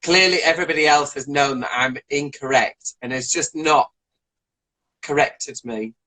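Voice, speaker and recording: A man, a drag performer, chatting as a guest on a live video call, animated and playful with quick jokes. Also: fairly high pitch, rough recording. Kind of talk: casual live video chat interview.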